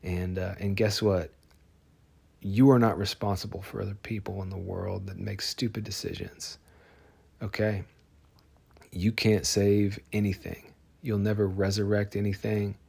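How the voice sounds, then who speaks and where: A man earnestly telling a personal story in a casual, halting way, restarting often. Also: on the low side, little pitch movement, vocal fry, a little mellow, breathy edge.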